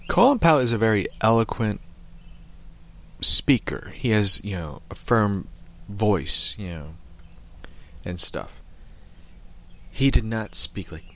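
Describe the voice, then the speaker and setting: A man's voice: on the low side, animated, slow pace, pauses often, sharp tone. A young man giving a rambling, profane opinion rant and chuckling between remarks. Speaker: online commentator.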